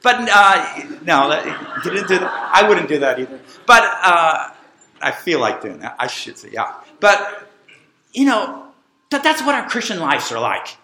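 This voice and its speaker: A middle-aged man delivers a sermon as pastor, his voice high and bright. He preaches with animated, emphatic swings and draws the congregation into call-and-response. The room around him rings with echo. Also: a little slow, a little hiss or hum. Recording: echoey room.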